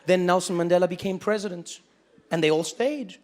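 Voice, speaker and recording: A man in his forties with a South African accent, telling a stand-up story with animated delivery. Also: high voice, fairly quick. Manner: animated storytelling, lots of voices. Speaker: stand-up comedian. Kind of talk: stand-up comedy.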